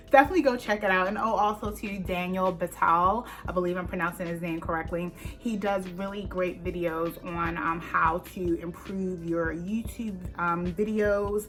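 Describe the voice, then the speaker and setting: A woman with a fairly low voice chats through a casual Q&A vlog, full of ums and little laughs. Faint music plays softly behind her. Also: normal speed, few pauses. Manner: chatty, filler-heavy, laughs often. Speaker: YouTuber.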